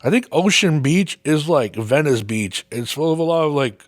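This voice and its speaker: A podcast host with a fairly high voice tells a long, casual story at normal speed, swearing constantly and acting out exaggerated quoted reactions in lively anecdotes. The recording is dry and studio-clean.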